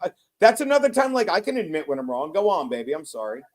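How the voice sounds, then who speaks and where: A man's voice: fairly high pitch, big pitch swings, fast talker. A man hosting a livestream, talking heatedly in casual chat, swearing and apologizing for cutting in. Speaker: livestream host.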